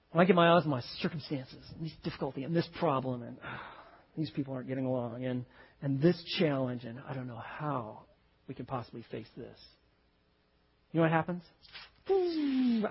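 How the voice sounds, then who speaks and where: A man preaching a sermon, telling a story with animated swings from loud exclaims to hushed, tender lines. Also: mid-range voice, normal speed, long pauses, husky, muffled recording. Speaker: pastor.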